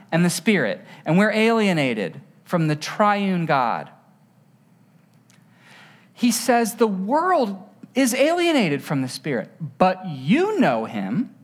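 Animated, chatty preacher with swinging pitch. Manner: lively, asks the listeners rhetorical questions; tells stories with voiced sound effects. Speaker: pastor. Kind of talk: conversational sermon.

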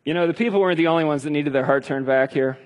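A man's voice: fairly high pitch, very fast. A male preacher retelling scripture in a conversational sermon with emphatic stresses. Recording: long hall reverb.

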